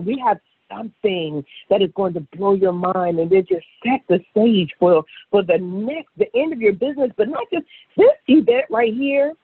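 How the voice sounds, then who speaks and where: A woman speaking as a sales director on a motivational conference call, excitable and gushing, often repeating herself. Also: mid-range voice, husky. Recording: tinny phone line.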